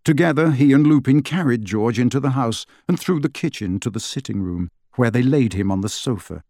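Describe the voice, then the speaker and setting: A man reading an audiobook with steady storytelling narration. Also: medium pitch, a little fast, no room sound, clean studio sound. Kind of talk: scripted narration.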